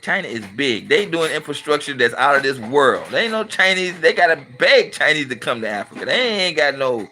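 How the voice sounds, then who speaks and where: High, bright-voiced man ranting bluntly. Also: very animated, fairly quick, hardly any pauses. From California. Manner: emphatic, blunt, colloquial. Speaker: channel host and commentator. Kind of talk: casual opinionated monologue.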